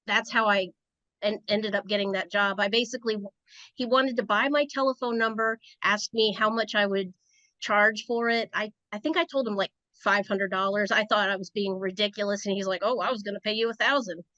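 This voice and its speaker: A woman's voice: medium pitch, steady tone, moderate pace, pushed and bright, no room sound. A woman from Rhode Island, a podcast guest, telling stories in a chatty, casual way. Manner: chatty, storytelling. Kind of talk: casual interview chat. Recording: dry, dull lo-fi sound.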